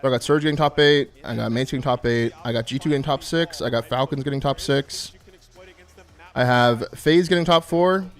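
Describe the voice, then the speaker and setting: A man's voice: mid-range voice, a little fast, clear, resonant tone. Laid-back profane young streamer guy. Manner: laid-back, profane, constantly thanking subscribers. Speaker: streamer hosting a watch party. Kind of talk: casual live-stream chat.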